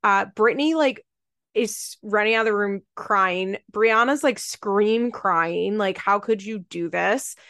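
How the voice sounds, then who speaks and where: Woman co-host, mid pitch, dry close sound, animated and profane show recapper. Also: unhurried, no room sound. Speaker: podcast co-host. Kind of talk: casual chat recapping a TV show.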